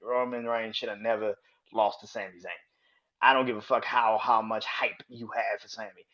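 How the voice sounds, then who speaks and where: Profane, rambling podcast host. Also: male voice, lowish voice, steady tone, moderate pace, fairly bright tone, lo-fi sound. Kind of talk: casual wrestling commentary.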